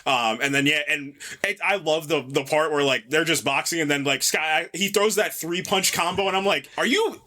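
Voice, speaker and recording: Bright-voiced man riffing on a film. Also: a little high. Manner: joking, quick asides, laughs often. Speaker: podcast co-host. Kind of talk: casual movie review chat.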